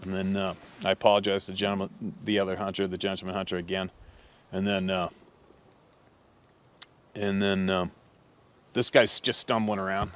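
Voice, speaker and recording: A hunting guide tells a story in a low-pitched man's voice. He is blunt and swears freely. He pads his sentences with "and then, uh" as he goes. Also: flat delivery, moderate pace, pauses often, a bit bright, smooth. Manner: blunt and profane, with many "and then, uh" fillers. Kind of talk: casual storytelling.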